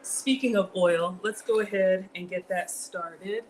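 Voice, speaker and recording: A woman's voice: mid-range voice, a little slow, a little hiss or hum, rough recording. A middle-aged woman with a Southern US accent, chatting casually to live viewers while cooking in her home kitchen. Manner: chatty, greets viewers by name, reads out comments. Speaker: home cook streaming live. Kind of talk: casual livestream cooking chat.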